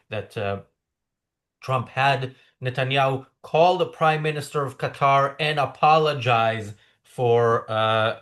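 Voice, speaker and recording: Halting man hosting a talk show. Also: medium pitch, fairly bright tone. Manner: casual, halting, many fillers and restarts. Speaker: host. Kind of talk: live online political talk show.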